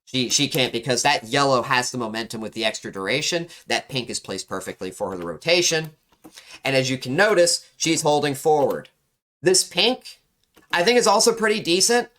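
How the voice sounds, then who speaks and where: A man's voice: mid-range voice, lively intonation, normal speed, a bit bright. A young man coaching a player through a match replay, instructive and emphatic, often repeating key words for stress. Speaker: game coach reviewing a match. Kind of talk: analytical gameplay commentary.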